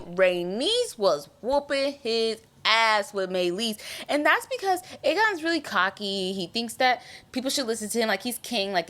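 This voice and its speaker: A woman's voice: medium pitch, a bit bright. A young woman hosting a podcast, recapping a TV episode in casual, slangy and emotional chat. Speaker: podcast host.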